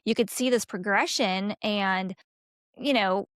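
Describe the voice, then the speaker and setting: A woman's voice: mid-range voice, takes it slowly, a bit bright, dry recording, clean studio sound. A woman hosting a podcast interview, hesitant and thinking aloud with fillers. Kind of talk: conversational interview.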